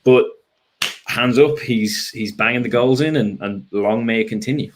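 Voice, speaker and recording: A man's voice: medium pitch, normal speed. An Irish man chatting as a fan guest after a match, frank and rambling, with lots of ums and restarts. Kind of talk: casual post-match chat.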